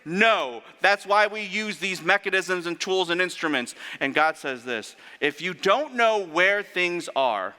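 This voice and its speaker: Animated preacher in a reverberant hall. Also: male voice, sits high, unhurried, few pauses, clear, resonant tone. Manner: animated, rhetorical questions, sarcastic asides. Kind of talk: sermon. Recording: long reverb of a large hall.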